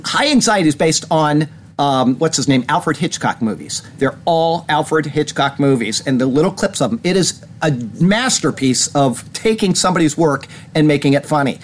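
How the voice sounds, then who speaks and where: A man's voice: fairly high pitch, fairly quick, a little hiss or hum. A man hosting a casual commentary show, rambling and retelling stories with laughs. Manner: rambling, animated storytelling with laughs. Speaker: host.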